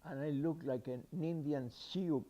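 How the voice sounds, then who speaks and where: Older man with a mellow voice, rambling. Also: on the high side, a little slow, highs cut off. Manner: rambling, with fillers and restarts, acts out the people he quotes. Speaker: storyteller. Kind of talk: recounting a personal anecdote.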